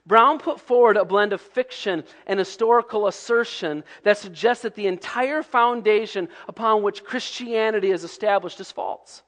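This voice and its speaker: Male pastor, fairly high voice, conversational sermon, big reverberant hall. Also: moderate pace, hardly any pauses. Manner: conversational preaching, drops to hushed tones.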